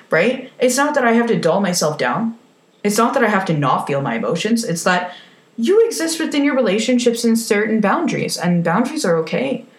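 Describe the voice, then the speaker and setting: A woman's voice: fairly low pitch, reverberant. A woman giving a frank, emphatic motivational talk, swearing casually as she speaks. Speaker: self-help speaker.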